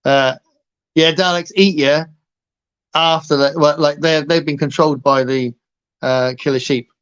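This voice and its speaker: Guy rambling on a livestream, kinda high voice, muffled lo-fi sound. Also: fairly even intonation, a little slow, a bit bright, clear, resonant tone. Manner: rambling, playful, laughs often. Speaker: livestream host. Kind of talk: casual chat with viewers.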